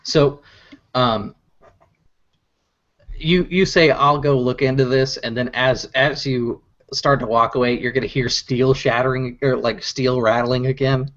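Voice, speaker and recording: A man narrates as game master in a casual, hesitant way, full of small pauses and fillers. His voice sits at an ordinary middle pitch. The audio is dull and lo-fi, as from an online video call. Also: steady tone, fairly bright tone.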